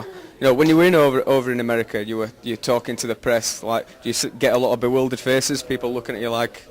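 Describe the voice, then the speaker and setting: A man's voice: mid-range voice, fairly even intonation, fast, few pauses. A man interviewing a fighter, asking long, loose questions with many fillers.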